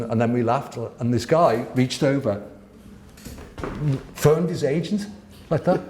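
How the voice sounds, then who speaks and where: A man's voice: medium pitch, normal speed, a little hiss or hum. Guy in his 60s spinning yarns, laughs a lot, echoey room. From Wirral, England. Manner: animated, laughing, swearing raconteur. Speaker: guest artist. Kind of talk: casual storytelling interview. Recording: roomy echo.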